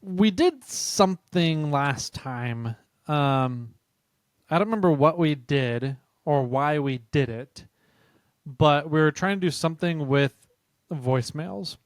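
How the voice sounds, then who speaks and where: A man's voice: on the high side, expressive, slow, no echo, studio quality. A man hosting a podcast, chatting casually and retelling a funny story with laughter. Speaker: podcast host.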